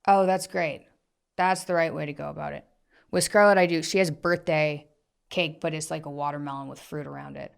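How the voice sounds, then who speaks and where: A frank woman hosting a casual conversation, talking with animation and a lot of filler likes. Her voice is fairly low and full of vocal fry. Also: fairly even intonation, fairly quick.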